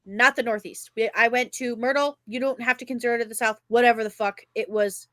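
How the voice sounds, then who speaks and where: A young woman rambles through a story on a casual podcast, swearing without a second thought. Her voice is bright and punchy and sits a little high. It is recorded dry and close. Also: steady tone, brisk, dry recording. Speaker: podcast co-host. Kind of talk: casual chat.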